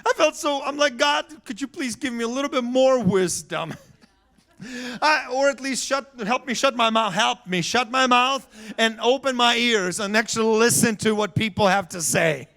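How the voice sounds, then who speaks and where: A man preaching a sermon as pastor, telling stories in a lively way, laughing and acting out what people said. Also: extremely high pitch, normal speed. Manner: animated storytelling with laughter and acted-out voices. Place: church sanctuary.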